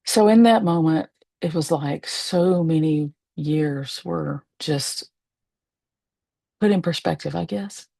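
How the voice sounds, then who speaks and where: A woman with a low, husky, gravelly voice tells her own story to the camera from a chair at home. She speaks candidly and with feeling, pausing often and letting soft laughs slip through. The sound is close and dry. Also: no echo. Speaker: medium and spiritualist. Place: at home, seated in a rocking chair.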